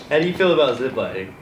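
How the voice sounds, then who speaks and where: A man's voice: mid-range voice, a bit bright. A teenage boy hosting a casual podcast chat with his brother, rambling and often laughing. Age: teens. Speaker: host. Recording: echoey room, distant mic, noisy.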